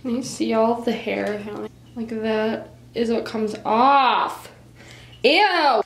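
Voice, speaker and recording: A woman's voice: on the high side, little pitch movement, measured pace, vocal fry, a little mellow, recorded from a distance. Young woman vlogger, rambling casual chat, roomy echo, voice off-mic. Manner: chatty, lots of "like" and "um", breaks off mid-sentence. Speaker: beauty vlogger.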